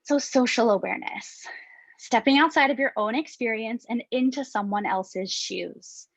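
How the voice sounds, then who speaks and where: A woman on a video call, gently guiding a breathing and mindfulness exercise. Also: fairly high pitch, moderate pace, no room sound. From Hawaii. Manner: calm, gentle instructing. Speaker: yoga and mindfulness presenter. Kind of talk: guided mindfulness workshop. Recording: dull, dry video call audio.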